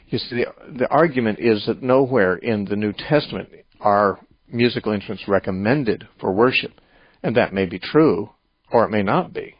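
A man hosting a call-in radio show, giving measured, reasoned answers to a caller's question about the Bible. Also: on the low side, no echo, lo-fi sound.

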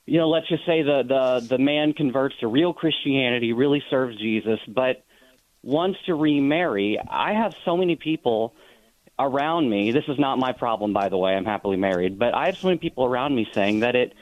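A man's voice: mid-range voice, expressive, fairly quick, no echo. Man calling in over a tinny phone line. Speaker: caller. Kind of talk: call-in radio question. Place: in a car.

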